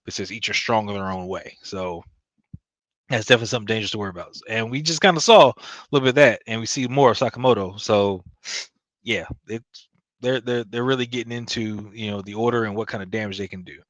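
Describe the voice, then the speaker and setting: A man with a fairly low voice recaps an episode in a loose, slangy way, tossing in quick acted-out lines from the characters. The sound is dry and close, with no room around it. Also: a bit bright, no echo. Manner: loose, slangy storytelling with quick quoted asides. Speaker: anime recap host. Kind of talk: casual recap commentary.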